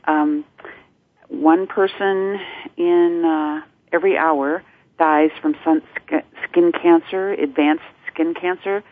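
Guest: woman, measured and clinical, slightly husky, phone line. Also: sits low, fairly even intonation. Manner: informative, measured, clinical terms. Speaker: guest from a support network. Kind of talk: radio interview.

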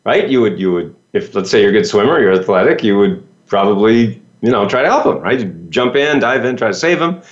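Lively man giving a motivational talk. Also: lowish voice, fairly quick, hardly any pauses, lo-fi sound. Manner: lively, rhetorical questions, folksy. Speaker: business coach.

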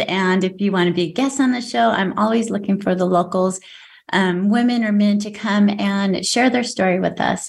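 An upbeat woman hosts a podcast in a casual, enthusiastic tone. She chats warmly with her guest. Her voice has a middle pitch. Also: vocal fry. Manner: bubbly, enthusiastic, leads breathing exercises. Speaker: podcast host. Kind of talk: casual chat.

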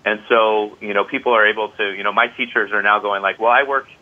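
A man's voice: fairly low pitch, flat delivery, fast. A man who teaches qigong, speaking as an interview guest, enthusiastic and peppered with "you know". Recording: tinny phone-like line.

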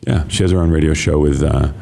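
A man hosting a radio interview show in a chatty, rambling way, with a slightly gravelly voice. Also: extremely low pitch, steady tone, fast talker, mellow. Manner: rambling, chatty, with many restarts. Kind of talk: casual interview chat.

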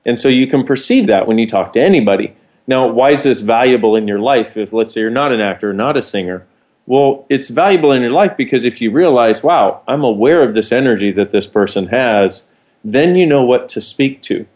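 A man's voice: medium pitch, fairly quick, darkish tone, muffled recording. A man co-hosting, explaining ideas in a casual, rambling teaching chat. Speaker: co-host.

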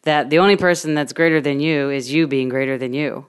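Low-pitched female host, energetic facilitator who cuts in to steer the guest. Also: fairly quick, clean tone. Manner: energetic, prompts and interrupts to guide the guest. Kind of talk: coaching session on a talk show.

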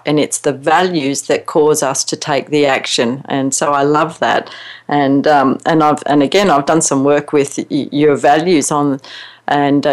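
Woman, show host, low-pitched voice, warm and responsive. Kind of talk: interview talk.

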